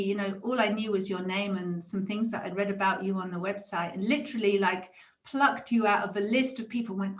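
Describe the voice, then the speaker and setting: A woman in her forties with a Brighton English accent, hosting a casual interview and speaking in a gushing, affectionate, spiritual way. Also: medium pitch, reverberant. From England. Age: 40s. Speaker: host.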